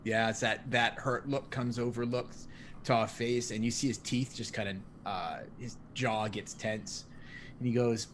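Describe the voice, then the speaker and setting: Slow-talking man at a game table. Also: mid-range voice, fairly even intonation, a bit bright, slight background noise. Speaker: player. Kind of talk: tabletop role-play narration.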